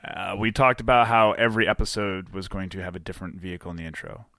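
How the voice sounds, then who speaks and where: A man's voice: low-pitched, quick pace, no room sound, clean studio sound. A man, hosting a podcast in casual, rambling chat and correcting himself as he goes. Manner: relaxed, rambling, self-correcting. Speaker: podcast host.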